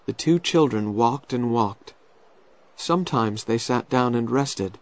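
A man narrating a children's storybook in a slow, clear and expressive way. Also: medium pitch, no echo.

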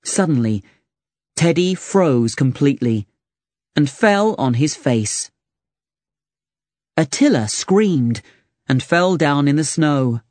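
A narrator reading a children's storybook aloud with slow, expressive delivery. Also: mid-range voice, no room sound.

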